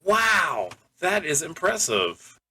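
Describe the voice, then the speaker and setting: Brief: young male co-host, casual chat; bright, lively pitch, hesitant. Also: slow, husky, rough recording. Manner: easygoing, wry, hesitant. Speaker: podcast co-host.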